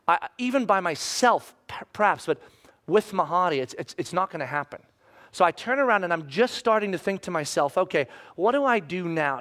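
Middle-aged man, high voice, animated storyteller who swings between loud and hushed. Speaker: speaker telling a personal story. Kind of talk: storytelling talk to an audience.

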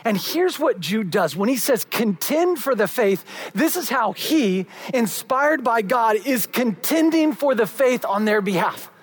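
A preacher delivering a sermon, building up with emphasis and then dropping to hushed, quiet endings. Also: medium pitch, lively intonation, a little slow, few pauses, husky.

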